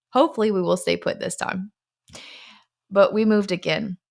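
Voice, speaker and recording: A young woman who founded a fitness company shares her personal story earnestly and confessionally, slowing down at the emotional moments. Her voice is medium-pitched and gravelly, with fairly even intonation.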